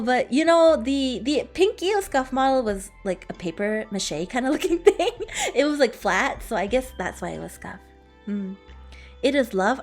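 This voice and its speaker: A woman livestreaming as a playful dragon persona, chatting casually with viewers and giggling often. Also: sits high. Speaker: streamer.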